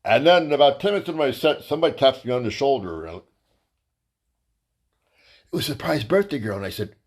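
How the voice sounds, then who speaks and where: A man telling a rambling, profane stand-up story as host of his own comedy show. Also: brisk. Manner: crude, profane, rambling with fillers; lively, jumps to high voices for quotes.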